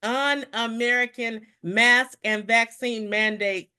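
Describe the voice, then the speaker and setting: A middle-aged woman leading a live discussion as the president of a federal employee group, talking fast and excitedly and tripping over repeated words. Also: on the high side, smooth. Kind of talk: live online discussion briefing.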